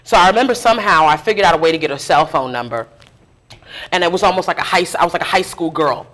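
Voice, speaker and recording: A middle-aged woman who organizes around food justice tells her story in a live interview, talking candidly, with lively asides and laughter at herself. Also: fairly low pitch, quick pace. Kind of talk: conversational storytelling in a public interview. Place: live interview event before an audience.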